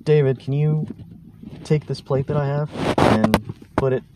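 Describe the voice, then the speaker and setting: A man voicing his stoned girlfriend, pitching up into a whiny, pleading young woman. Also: unhurried, very noisy, close to an everyday voice.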